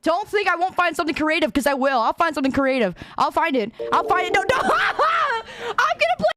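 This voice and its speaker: A woman's voice: high-pitched, expressive, fast, heavy background noise. A young adult woman streaming a game, reacting with exasperated, dramatic pleading and outbursts. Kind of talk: reactive livestream gaming chat.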